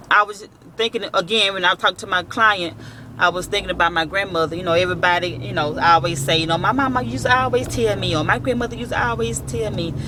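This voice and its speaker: A woman's voice: medium pitch, fairly even intonation, brisk. Lady telling it straight, cussing, outside by a road with traffic noise. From Southern US. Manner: blunt, profane, storytelling with quoted voices. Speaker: vlogger giving work advice. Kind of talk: casual advice talk.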